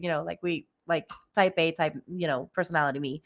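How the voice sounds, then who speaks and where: A woman's voice: on the low side, a little fast, few pauses. A woman hosting a spiritual livestream, chatting casually and giggling often, with lots of fillers. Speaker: livestream host and spiritual reader.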